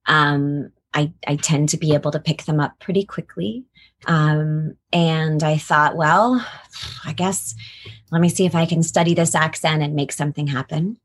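A woman's voice: low voice, moderate pace. A middle-aged woman, a voice actor, chatting animatedly in an interview. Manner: animated, chatty, laughs often. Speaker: voice actor guest. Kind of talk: casual interview chat.

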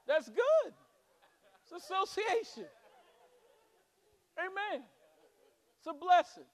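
Fervent high-voiced preacher man. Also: sing-song, slow pace, long pauses. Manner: preaching with rising fervor and humorous asides. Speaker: pastor. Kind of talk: sermon.

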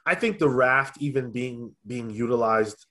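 A man co-hosting a podcast, chatting casually in a thoughtful way, often pausing with ums and restarting his sentences. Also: medium pitch, bright, forceful tone. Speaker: podcast co-host. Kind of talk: casual review chat.

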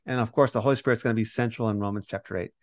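A man co-hosting a Bible study podcast, explaining scripture in a lively conversational teaching style and acting out the quoted voices. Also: fairly low pitch, very fast, dry recording, clean studio sound. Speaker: podcast co-host teaching on Romans.

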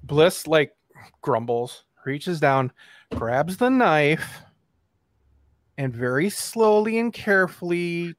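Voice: medium pitch, sing-song, slow pace, dry recording. A player playfully describing a character's actions in a tabletop game.

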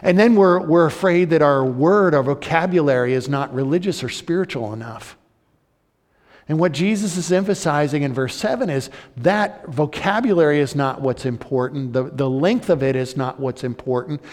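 A pastor preaches in an earnest, conversational manner, often restarting his phrases. His voice is fairly high with a darkish tone at normal speed, and a long hall reverb surrounds it.

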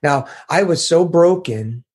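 A man's voice: fairly high pitch, unhurried, husky. A middle-aged man telling his recovery story in an earnest, confessional way, acting out what others said to him. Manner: earnest, confessional, quotes others in lively voices. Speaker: recovery group member sharing his story. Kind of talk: personal recovery testimony.

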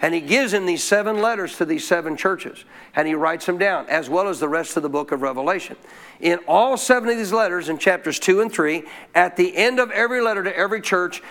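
A man with a high voice preaches a sermon to his church. He keeps calling out questions to the people in the pews, checking that they are still listening. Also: fairly bright tone. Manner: calls out questions to the congregation. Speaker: pastor.

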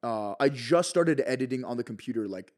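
A young man from North Carolina chatting on a podcast, brash and profane, getting animated as he tells stories. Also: medium pitch, a little fast. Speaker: podcast guest, video creator. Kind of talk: casual podcast chat.

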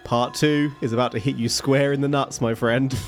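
A man hosting a podcast, slowly telling a story between jokes and frequent laughter. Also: mid-range voice, steady tone, soft background music. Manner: slow, laughing, jokey storyteller. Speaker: podcast host.

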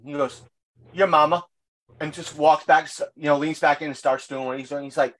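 A man with a fairly high voice talks in loose podcast chat. He rambles through his stories with fillers and restarts and doesn't soften his language. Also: flat delivery, brisk. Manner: crude, blunt language. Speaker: podcast co-host. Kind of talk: casual chat.

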